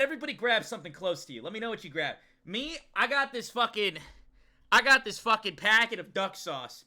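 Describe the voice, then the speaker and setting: A young man streamer giving excitable, profane let's play commentary while riffing with his chat. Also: high voice. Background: game music.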